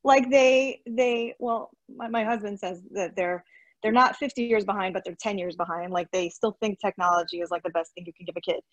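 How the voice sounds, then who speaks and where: A woman's voice: medium pitch, brisk, no room sound, highs cut off. A woman calling in with a question, speaking hesitantly with a few nervous apologies. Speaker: caller asking a question. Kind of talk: casual question on a call. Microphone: video call, camera off.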